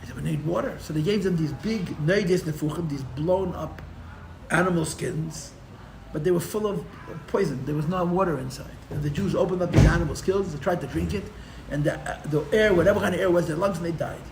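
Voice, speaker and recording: A man teaching a live Torah class as a rabbi, telling the story with animated, sarcastic humor and mixing in Hebrew and Yiddish terms. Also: a little high, fairly quick, gravelly, roomy sound, a little hiss or hum. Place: room for a live-streamed class.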